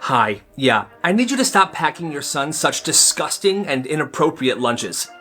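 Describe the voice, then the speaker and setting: A man's voice: on the high side, sing-song, moderate pace, pushed and bright, soft background music. A man voicing a harsh female preschool teacher who curtly scolds a parent in a storytime video. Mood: disapproving. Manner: curt and disapproving.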